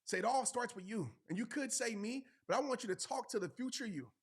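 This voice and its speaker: A man's voice: very high voice, expressive, fairly quick, husky. A man giving a motivational speech, earnest and emphatic, repeating phrases for effect and urging the listener directly. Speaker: motivational speaker.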